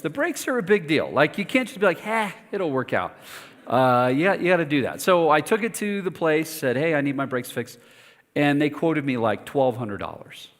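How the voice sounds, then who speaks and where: Pastor, male, slightly high voice; self-mocking storyteller in a sermon, long hall reverb. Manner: animated storytelling, self-mocking, lively asides.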